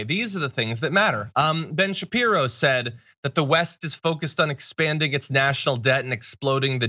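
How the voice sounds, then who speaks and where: Male commentary host, sarcastic deadpan delivery, sharp tone, muffled stream sound. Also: medium pitch. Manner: deadpan, mocking asides.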